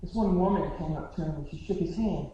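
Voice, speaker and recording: A man's voice: a little high, fast talker, warm tone, highs cut off, a little hiss or hum. A male pastor preaching a sermon in an earnest, conversational way, often restarting his phrases. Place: church sanctuary. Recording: very echoey hall, mic far off.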